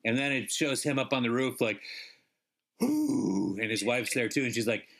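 A man's voice: mid-range voice, quick pace, fairly bright tone. A male podcast co-host chatting casually about movies, rambling and laughing often.

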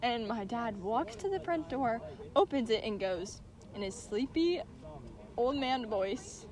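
Young woman telling a story to friends, kinda high voice, animated. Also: a little slow. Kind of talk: casual storytelling.

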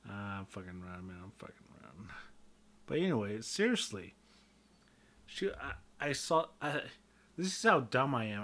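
A man talking casually on his own, joking and swearing a lot, often getting loud and worked up. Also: lowish voice. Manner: profane, joking, self-deprecating, swings loud and excited. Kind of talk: casual rambling monologue.

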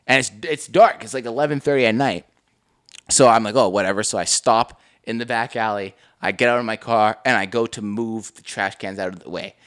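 A man's voice: medium pitch, fairly even intonation, fairly quick, a bit bright, clean tone. A man co-hosting a podcast in casual chat, telling stories animatedly, laughing and swearing often. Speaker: podcast co-host.

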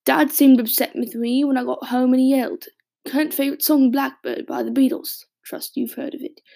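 Woman playing a gravelly British smoker man. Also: sits high, fairly even intonation, fairly quick, mellow. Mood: wistful, rambling. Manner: hesitant, rambling, many restarts. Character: raspy adult male smoker reading his childhood diary. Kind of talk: audio drama monologue.

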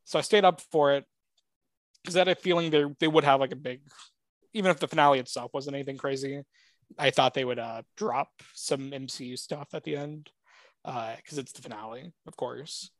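A man's voice: mid-range voice, steady tone, a little fast, no room sound. A man co-hosting a casual pop-culture podcast, rambling through his points with lots of filler words and plenty of fan enthusiasm. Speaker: podcast co-host.

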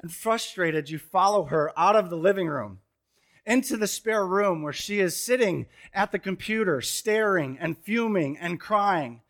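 A man preaching a sermon on a church stage, telling stories with jokes and sudden loud bursts. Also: high voice, measured pace. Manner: animated, joking storyteller with sudden loud bursts. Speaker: pastor. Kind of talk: sermon with storytelling. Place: church stage before a congregation.

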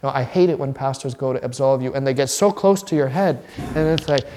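A man's voice: mid-range voice, fairly quick, mellow, in a large hall. A middle-aged man, a pastor, teaching a Bible class in a conversational, rambling way with restarts and asides.

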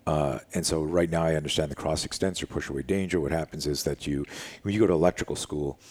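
Older man, extremely deep voice, husky tone, casual storyteller, acts out dialogue. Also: quick pace. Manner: animated, acts out quoted dialogue, casual with frequent "dude" and "like". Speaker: self-defense instructor. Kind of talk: storytelling in an interview.

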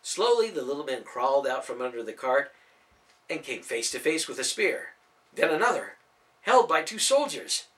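Guy reading a storybook out loud, really animated, bright tone, kinda high. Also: moderate pace. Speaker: audiobook narrator. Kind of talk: scripted storybook narration.

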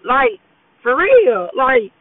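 A woman's voice: high voice, very animated, very slow, no echo. A woman talking casually while driving to work, giving a blunt, profane motivational talk and often asking "you know what I'm saying". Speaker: podcast host. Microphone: phone. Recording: tinny phone-quality voice message.

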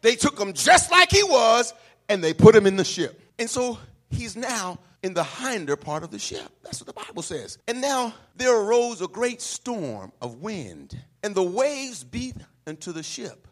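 Husky, lively preaching man. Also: high-pitched, unhurried. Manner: swings from quiet to shouted, sing-song preaching. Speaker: pastor. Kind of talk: sermon.

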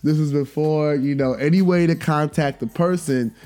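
A man's voice: on the high side, moderate pace, darkish tone, faint music behind. Candid man rambling on his podcast. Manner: rambling, candid, with frequent fillers and restarts; swears casually and laughs at his own stories. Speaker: podcast host. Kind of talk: casual solo podcast monologue.

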